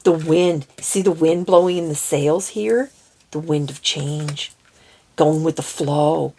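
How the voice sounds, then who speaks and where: A woman's voice: deep voice, dark tone. Giddy woman doing a card reading. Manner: chatty and giddy, laughs often; slow, careful over unfamiliar words. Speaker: oracle card reader. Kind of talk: casual card reading, reading card texts aloud.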